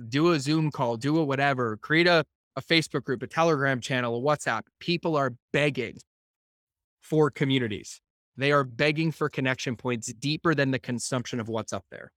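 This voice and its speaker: A man hosting a podcast, talking casually to a group of entrepreneurs on a video call, animated and blunt, acting out quotes as he goes and swearing now and then. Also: mid-range voice, no echo, studio quality. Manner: animated storytelling with acted-out quotes. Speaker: podcast host speaking to entrepreneurs.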